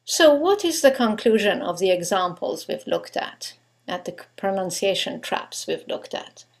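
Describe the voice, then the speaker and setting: A woman's voice: medium pitch, very animated. A woman giving a scripted English pronunciation lesson, stressing each example word with care. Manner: slow, deliberate, stresses example words. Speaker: English teacher.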